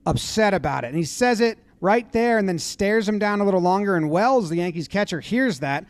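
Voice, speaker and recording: A high-pitched man talks through game footage in relaxed commentary. He jumps into loud, animated impressions of the players. The sound is close and dry, with no room echo. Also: brisk. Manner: animated, acts out players' lines in loud voices. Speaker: commentator breaking down a baseball brawl video. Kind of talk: casual play-by-play commentary.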